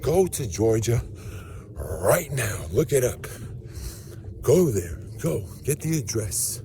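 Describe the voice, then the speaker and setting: A man's voice: mid-range voice, big pitch swings, takes it slowly, creaky, mellow. A man delivering a rambling, preachy vlog monologue while walking outdoors at night, talking into his phone, with faint outdoor noise around him. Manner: rambling, preachy, grows heated and emphatic. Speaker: vlogger.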